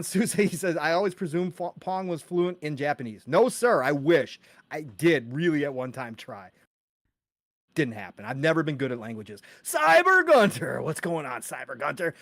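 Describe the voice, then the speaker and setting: Energetic man hosting a gaming stream. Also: on the high side, dry recording. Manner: energetic, reads out chat names with quick greetings; casual, swears freely. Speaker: podcast host. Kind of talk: casual live-stream chat.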